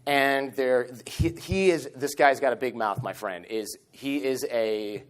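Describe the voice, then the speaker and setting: A man in his thirties giving a storytelling talk at a conference stage microphone, animated and acting out the lines he quotes. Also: medium pitch, measured pace. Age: 30s. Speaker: conference speaker.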